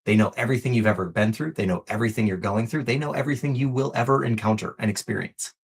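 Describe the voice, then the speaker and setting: A man's voice: mid-range voice, quick pace, gravelly, slightly rough. A man coaching on a live stream, earnest and encouraging, repeating phrases for emphasis and swearing casually, emotional and close to tears. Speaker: fitness and life coach.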